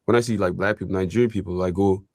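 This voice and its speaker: A man's voice: low voice, fairly even intonation, racing, a little mellow, dry recording, clean studio sound. A young man from Ireland, talking as an interview guest in a casual, rambling way full of fillers. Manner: rambling, filler-heavy, with frequent likes and you-knows. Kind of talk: casual conversation.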